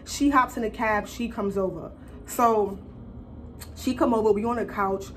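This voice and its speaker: A young woman vlogger telling a personal story in a casual, animated, profane and slangy way. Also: on the high side, measured pace, slight background noise.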